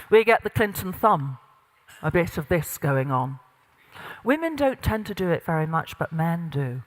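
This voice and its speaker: A woman's voice: on the low side, sing-song, moderate pace. A middle-aged woman leading an interactive workshop, giving directions and demonstrating exercises to a group in a large room. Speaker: voice and presence coach. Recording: long reverb of a large hall.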